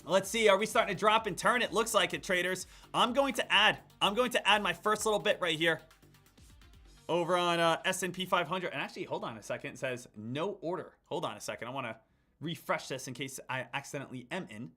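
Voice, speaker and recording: A man giving live day-trading commentary, excitable, jumping between loud hype and quiet muttering. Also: high-pitched, a little fast, faint music behind. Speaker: day trader streaming his trades.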